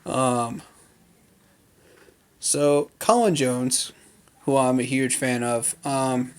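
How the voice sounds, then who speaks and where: In a casual recap vlog, a fan commentator talks loosely through a training day off the cuff, with lots of fillers and firm opinions. His medium-pitched voice is steady, clear and resonant, and he draws out his words.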